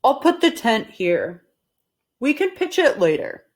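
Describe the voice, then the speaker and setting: A brisk, bossy middle-aged husband, as a woman puts him on in a read-aloud storybook. He gives hearty orders in a slow, lively voice that swings up and down. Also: sits high, pitched above the performer's own voice.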